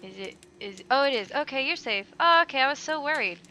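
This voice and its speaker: A woman's voice: sits high, lively intonation, fairly quick, background noise. A woman commentating a game, jittery and swearing, muttering to herself, her microphone flipped up above her head. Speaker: let's play host. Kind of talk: gameplay commentary. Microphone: headset mic flipped up above head.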